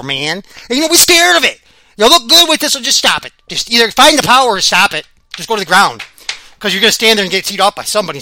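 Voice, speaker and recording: A man hosting a sports podcast, chatting in a rambling, excitable way and laughing often. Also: high voice, no echo. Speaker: podcast host. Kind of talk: casual rambling sports chat.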